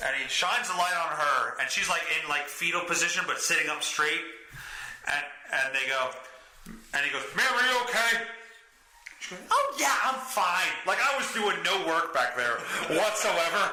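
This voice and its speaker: A man's voice: a little high, normal speed, pushed and bright. A middle-aged man hosting a podcast, telling a crude story in casual chat, swearing constantly and laughing as he goes. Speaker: podcast host. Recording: echoey room.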